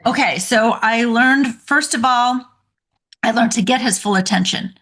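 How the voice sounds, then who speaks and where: Woman, podcast guest coach, animated storytelling, frequent laughs, higher pitch. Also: measured pace. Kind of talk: conversational podcast interview.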